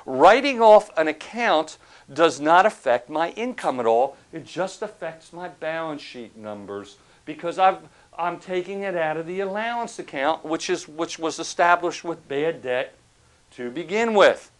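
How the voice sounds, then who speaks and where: A male professor lecturing in a relaxed, conversational way, his voice sitting a bit higher than most men's. He checks in with the class often and drifts into stories to make a point. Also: a little slow. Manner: conversational, asks the class questions; tells anecdotes to make a point. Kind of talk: recorded accounting lecture.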